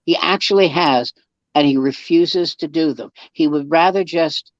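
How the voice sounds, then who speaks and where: A man's voice: a little high, normal speed, no room sound. A man, a comedian guest, telling anecdotes in casual chat and acting out the quoted dialogue, with many restarts. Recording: dull dry lo-fi sound.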